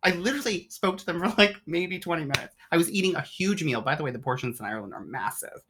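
Animated guest storyteller who laughs often. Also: mid-range voice, quick pace, noisy background. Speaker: interview guest. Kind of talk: casual storytelling.

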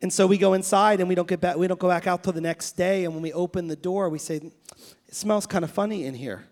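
High-voiced pastor preaching a sermon. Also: male voice, brisk, darkish tone. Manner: anecdotal storytelling with many restarts; builds to fervent, emphatic preaching.

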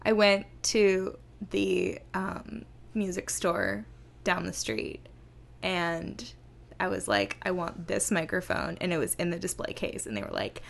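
A woman co-host in casual podcast chat, talking slowly with a gravelly, fry-edged voice. She laughs often and rambles in a giggly, friendly way. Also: fairly low pitch.

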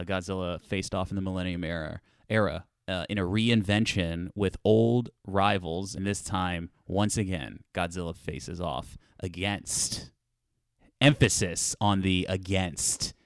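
A man's voice: low voice, smooth, dry recording, studio quality. A man co-hosting a podcast in casual chat, rambling with frequent ums and restarts. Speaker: podcast co-host.

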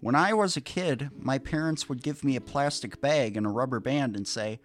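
A man co-hosting a podcast in casual chat, with a deep, mellow voice and dry, deadpan delivery. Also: moderate pace, soft background music. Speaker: podcast co-host.

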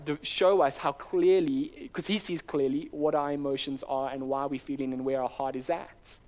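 A man with a slightly higher voice delivers a sermon to his congregation. He preaches earnestly and conversationally, circling back and restarting phrases as he builds his points. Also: darkish tone. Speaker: pastor.

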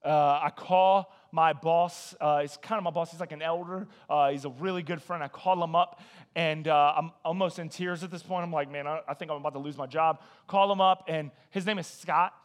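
A high-pitched man delivering a casual, story-driven sermon. He talks conversationally, acts out the voices in his own anecdotes, and keeps coming back to "man" and "listen". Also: normal speed. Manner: animated storytelling with acted quotes. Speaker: guest preacher.

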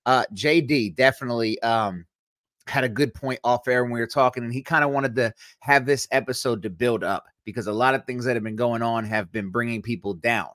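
An energetic man chatting casually as co-host, quick to joke and to lighten the mood. His voice sits at an ordinary middle pitch and comes across dry and close, with no room sound. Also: no echo. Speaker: podcast co-host. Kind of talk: casual chat.

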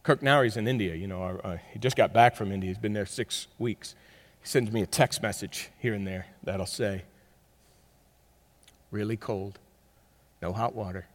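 A man preaching a sermon, telling stories with big swings between loud bursts and quiet, close talk. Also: lowish voice, fairly quick. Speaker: pastor. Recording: long hall reverb.

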